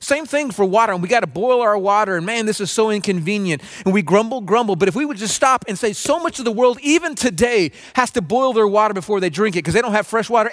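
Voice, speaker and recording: A pastor delivering a sermon in an earnest, preacherly way, acting out grumbling voices. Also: male voice, high-pitched, fairly bright tone. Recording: long reverb of a large room.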